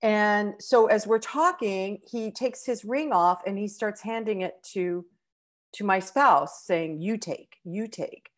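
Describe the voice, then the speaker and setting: A middle-aged American woman telling a heartfelt personal travel story, halting with fillers and close to tears. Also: medium pitch. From United States. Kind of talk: personal anecdote.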